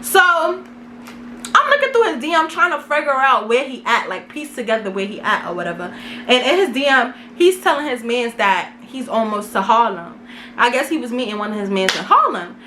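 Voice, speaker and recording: A young woman vlogger telling a casual storytime, animated and dramatic, full of slang. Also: a little high, moderate pace, slight background noise.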